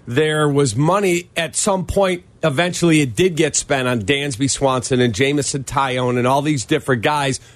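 A man's voice: a little high, no echo. A man hosting a sports radio show, interviewing a guest with long, probing questions. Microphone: studio mic.

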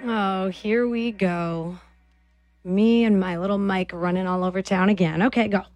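A woman's voice: medium pitch, fairly even intonation, unhurried, lo-fi sound, music in the background. A woman hosting a morning radio show, teasing her co-host and laughing often in casual banter.

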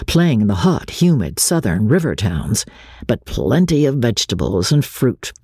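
A man reading a novel aloud as an audiobook narrator, in an expressive storytelling manner. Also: mid-range voice, slightly rough, no room sound, clean studio sound. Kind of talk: scripted literary narration.

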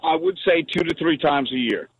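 A man's voice: on the high side, lively intonation, moderate pace. A man calling in to a radio show by phone, laid-back and good-humored. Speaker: caller. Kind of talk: phone-in chat. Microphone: phone line. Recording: tinny phone line with faint hiss.

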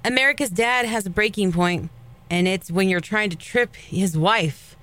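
A woman co-hosting a morning radio show and telling entertainment news in a playful, animated way. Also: medium pitch, moderate pace. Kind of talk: casual radio banter.

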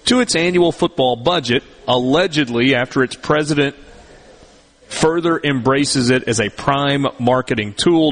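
A middle-aged man hosting a sports talk show, his voice sitting at a middle pitch. He chats casually at length and often stutters over the first words of a sentence as he restarts. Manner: talkative, repeats words when starting. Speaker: sports radio host.

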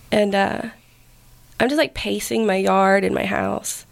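A woman of middle pitch whose voice sits deep in vocal fry and grit. She tells her personal story to an interviewer in loose, chatty speech. She keeps slipping into the quoted words of the people around her. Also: fairly even intonation, normal speed. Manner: casual, filler-heavy, acts out quoted speech. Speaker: podcast guest.

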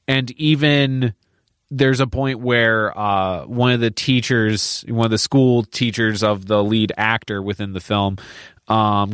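A man's voice: lowish voice, clear, resonant tone, dry recording, clean studio sound. A man co-hosting a podcast, talking casually about a film, candid and profane, with many fillers and restarts. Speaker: podcast co-host.

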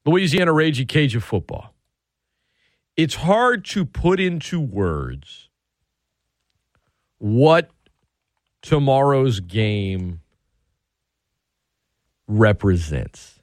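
A man's voice: medium pitch, very animated, very slow, long pauses, no echo, clean studio sound. A man hosting a sports radio show, talking casually and chattily with frequent restarts and asides.

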